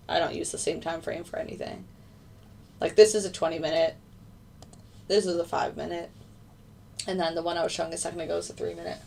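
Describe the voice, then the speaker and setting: A woman's voice: lowish voice, gravelly, distant mic. A young woman hosting a casual trading livestream, chatting loosely with many fillers as she answers viewer questions. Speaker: livestream host, futures day trader.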